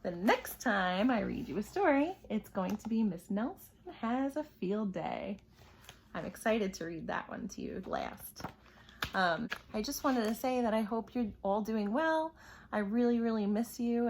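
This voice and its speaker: A teacher reading a picture book aloud to her pupils in a gentle, expressive way. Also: medium pitch, unhurried, slight background noise. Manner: expressive, gentle storytelling to children.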